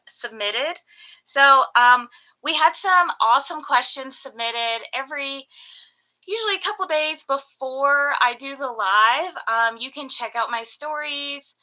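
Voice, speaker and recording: A woman with a high, very bright voice, chatting casually on a live stream from home. She gushes and coos at her pets, slipping into baby talk between her explanations. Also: low-quality recording. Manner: gushing, baby-talks to her geckos. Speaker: reptile breeder hosting a live sales stream.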